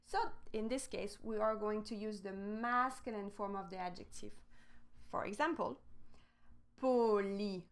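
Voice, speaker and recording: A woman's voice: medium pitch, fairly even intonation, moderate pace, a bit bright. A woman with a French accent, teaching a live online language lesson and spelling words out letter by letter.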